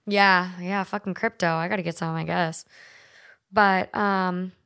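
A woman's voice: on the low side, steady tone, measured pace, pushed and bright, smooth. A young woman from Minnesota hosting a podcast, chatting casually, swearing freely and using lots of filler words. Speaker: podcast host. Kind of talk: casual chat, reading stories aloud.

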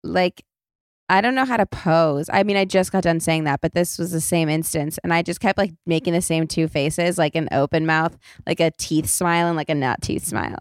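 A woman's voice: sits low, moderate pace, dry recording, studio quality. A young woman hosting a podcast, chatting in a rambling, self-deprecating way and swearing freely. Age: young adult. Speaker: podcast host. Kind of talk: casual chat.

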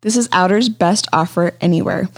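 A woman's voice: on the low side, normal speed, creaky. Upbeat woman podcast co-host. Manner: enthusiastic, upbeat. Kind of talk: casual chat.

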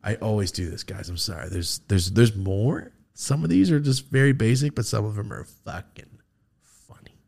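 A man's voice: on the low side, moderate pace, creaky, darkish tone, slightly rough. A man hosting a podcast, telling funny stories about his friends in a casual, profane way and laughing often. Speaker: podcast host. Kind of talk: casual comedic storytelling.

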